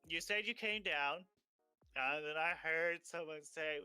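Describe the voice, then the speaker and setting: A man running a tabletop game who talks hesitantly and checks the details with careful questions. His voice is bright and smooth, slightly higher than most men's. The sound is dry and close. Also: fairly even intonation, unhurried, no echo, soft background music. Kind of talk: tabletop role-play, casual chat.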